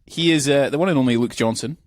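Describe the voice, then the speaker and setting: A man's voice: mid-range voice, fast, dry recording, studio quality. Chatty, joking male podcast host. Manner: jokey, meandering banter. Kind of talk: casual podcast chat.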